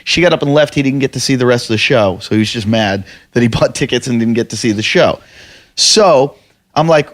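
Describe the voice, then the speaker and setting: A podcast host telling a profane story in casual chat, acting out other people's angry shouting. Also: male voice, medium pitch, fairly quick.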